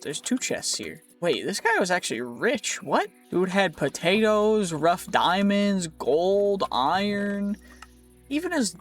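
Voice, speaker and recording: A man giving playful, rambling let's play commentary over his gameplay, joking at his own slips. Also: sits high. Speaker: gaming YouTuber.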